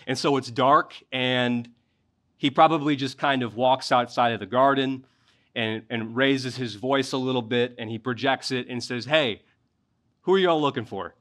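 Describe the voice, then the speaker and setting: A man's voice: medium pitch, steady tone, normal speed, a bit bright. Male pastor with a faint twang and a mid-range voice. Expository sermon delivery that climbs to passionate peaks. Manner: expository preaching, rising in intensity at key points.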